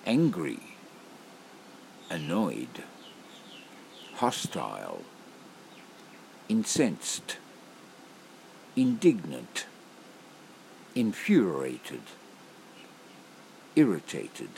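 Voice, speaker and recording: Slow, deep gravelly man reading words. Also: wildly swooping pitch, darkish tone, a little hiss or hum. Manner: slow, deliberate word-by-word reading with long pauses. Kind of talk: slow list of emotion words read aloud.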